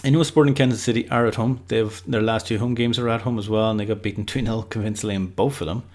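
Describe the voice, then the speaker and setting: A man's voice: fairly low pitch, fairly even intonation, fast talker. A man giving casual, unscripted football predictions, rambling loosely and leaning on lots of filler words. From Ireland.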